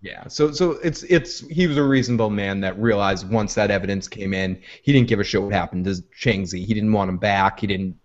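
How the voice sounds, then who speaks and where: A man hosting a casual TV recap, telling the story with energy and slipping into quick voices for the characters. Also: lowish voice. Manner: animated, acts out scenes in quick put-on voices. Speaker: show host. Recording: dull lo-fi recording.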